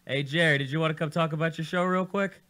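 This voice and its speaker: A man hosting a casual radio studio show, animated and teasing, swearing freely as he jokes with his guests. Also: on the high side, fast talker.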